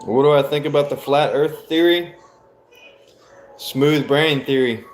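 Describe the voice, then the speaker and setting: A young man casually answering live chat as a streamer, in slow, laid-back replies. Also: a little high, a little hiss or hum.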